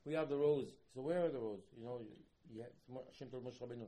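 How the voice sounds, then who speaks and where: A man teaching a Torah class as a sermon in halting, broken English, repeating himself and breaking into sudden loud emphatic bursts. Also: mid-range voice, rough recording. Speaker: religious teacher.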